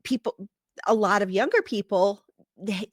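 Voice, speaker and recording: A woman's voice: mid-range voice, a little slow, dry recording, clean studio sound. A woman hosting a casual interview podcast, talking earnestly and thinking aloud as she asks her questions. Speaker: podcast host.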